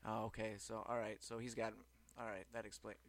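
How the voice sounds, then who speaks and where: A man's voice: lowish voice, little pitch movement, fairly quick, no echo. A man co-hosting a podcast, asking questions and throwing in teasing jokes in casual chat. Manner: wisecracking questions and teasing asides. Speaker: podcast co-host.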